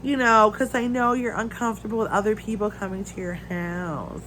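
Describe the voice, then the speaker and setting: A woman's voice: medium pitch, steady tone, normal speed, a bit bright, close to an everyday voice, poor audio. A breezy female agency coordinator, falsely sweet and overly familiar, as a woman mimics her. She lilts in a sing-song, slightly raised voice. A faint hiss sits underneath.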